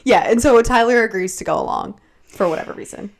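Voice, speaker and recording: A young woman co-hosting a podcast in casual chat, animated and filling her talk with "like" and "yeah". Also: a little high, fairly quick. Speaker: podcast co-host.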